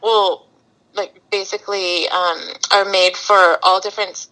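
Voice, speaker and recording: A middle-aged woman from California, a brand founder chatting in an interview, lively and quick to laugh as she tells her stories. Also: medium pitch, low-quality recording. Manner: bubbly, chatty storyteller, laughs often. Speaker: guest, skincare brand founder. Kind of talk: casual interview chat.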